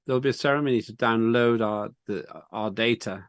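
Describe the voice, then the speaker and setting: A man's voice: medium pitch, a little fast, clean tone, no room sound. A man chairing an online parliament meeting, who speaks in an earnest, reflective and encouraging way.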